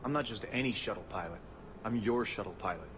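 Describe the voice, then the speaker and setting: An actor playing a calm, earnest male shuttle pilot in a video game. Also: lowish voice, fast talker, background noise, lightly acted. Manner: steady, earnest, affectionate.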